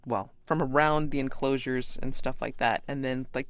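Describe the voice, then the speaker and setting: Low-voiced woman running a tabletop game. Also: fairly even intonation, moderate pace, few pauses, no echo, clean studio sound. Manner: rambling, hesitant narration with fillers. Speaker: game master.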